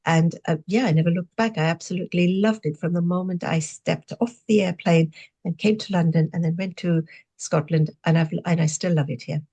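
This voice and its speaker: A woman in her sixties from Zimbabwe, a podcast guest recounting her life with lively, reflective storytelling and frequent fillers. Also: lowish voice, a little fast, husky. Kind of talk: storytelling interview answers.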